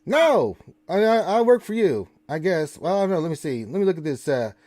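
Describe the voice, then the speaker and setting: Bossy little raven guy squawking for crackers, a man doing the voice, high and bouncy. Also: sing-song, a little fast, dark tone. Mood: cheeky. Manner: brash, cheeky, bossy. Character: crude wisecracking male raven, cracker-greedy. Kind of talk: tabletop role-play voicing.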